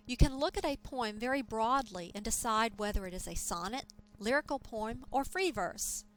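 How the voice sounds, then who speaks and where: A woman teaching a lecture, explaining terms in a clear, measured way. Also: a little high, fairly bright tone, low-quality recording. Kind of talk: scripted lecture.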